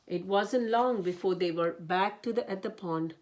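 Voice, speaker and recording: A woman storyteller reading a children's picture book aloud in a gentle, expressive way. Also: mid-range voice, moderate pace.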